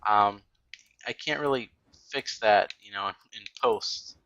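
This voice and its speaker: A man's voice: on the low side, measured pace, sharp tone, a little hiss or hum, low-quality recording. A man giving casual, rambling commentary while playing a racing game, full of ums and restarts. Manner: rambling, many fillers and restarts. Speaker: gaming YouTuber.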